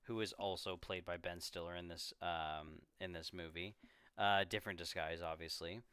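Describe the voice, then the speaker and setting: A man with a fairly low, smooth, clear voice, co-hosting a podcast and recapping a film in relaxed casual chat. He tells the story with animated energy, often slipping into quick impressions of the characters. The sound is dry and close, with no room echo. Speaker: podcast co-host.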